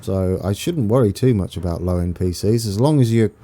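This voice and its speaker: Speaking fairly quickly in a lowish, dark voice, a young East Anglian Englishman chats casually while live-streaming a game. He's chatty and self-mocking, laughing often and calling out viewers' names as he greets them.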